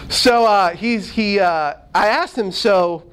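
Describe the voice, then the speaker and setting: A man who is a minister, telling a humorous story from the pulpit in an animated, self-deprecating way. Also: high-pitched, slow, clean tone, low-quality recording.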